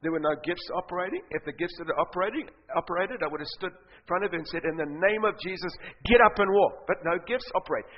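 A man from Africa preaching a sermon, telling a story in an animated way that swings between loud bursts and hushed asides. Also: high voice, fast talker. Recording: reverberant hall, slightly muffled sound.

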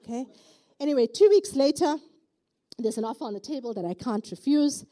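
A middle-aged South African woman with a high, dark-toned voice delivers a forceful church testimony at a brisk clip. Her intonation is lively, and she keeps turning to the audience with rhetorical "okay?" asides.

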